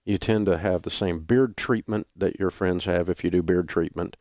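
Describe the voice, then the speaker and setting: An older man with a Southern drawl holds forth on talk radio in a folksy, emphatic way. His voice sits low, and the studio sound is dry and close. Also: moderate pace, darkish tone, dry recording. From Southern United States. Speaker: radio talk show host.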